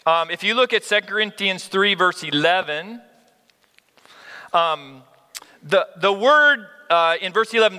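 A male pastor preaching with earnest, animated energy, his voice high and bright. He stumbles and restarts as he presses his point, and long reverb from the hall trails after him. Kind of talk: sermon.

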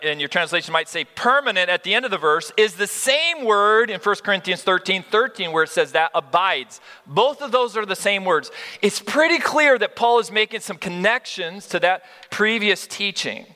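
A man preaching a sermon as a pastor, earnest and animated, often restarting his sentences as he works up his point. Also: high-pitched. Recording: long hall reverb.

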